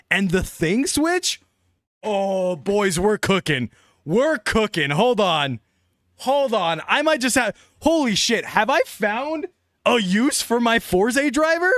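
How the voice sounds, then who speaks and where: An excitable young man streaming live, talking casually and laughing often. His voice sits high and swings widely. The sound is close and dry. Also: normal speed, dry recording.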